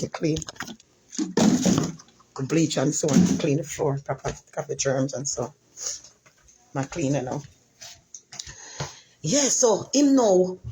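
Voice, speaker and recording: A woman's voice: sits low, very noisy. A middle-aged woman with a Jamaican accent, telling her life story in casual patois and repeating phrases for emphasis.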